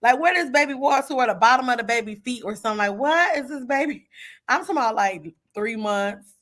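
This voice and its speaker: A woman's voice: a little high, lively intonation, fast talker, a bit bright. Woman host, casual livestream chat, talkative, laughs easily, addresses viewers as a group. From Michigan. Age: adult mother. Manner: chatty, laughing, talks to viewers as y'all.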